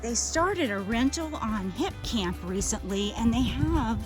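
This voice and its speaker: A woman vlogging a farm tour outdoors, chatting to the camera and cooing at the animals in a high sing-song voice. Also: lively intonation, a little slow. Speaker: travel vlogger. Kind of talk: casual vlog narration. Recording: background music under the voice.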